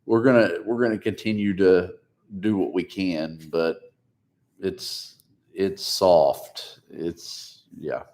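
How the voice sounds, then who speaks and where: Deep-voiced laid-back man. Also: steady tone, slow pace, darkish tone. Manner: laid-back, dry, short replies. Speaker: co-host of a live chat stream. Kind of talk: casual live-stream chat.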